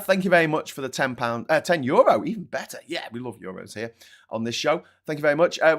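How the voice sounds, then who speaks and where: A man's voice: fairly high pitch, big pitch swings, fast talker, a bit bright. A man hosting a live political commentary stream, sarcastic and profane, slipping into mocking voices. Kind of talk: sweary live-stream rant.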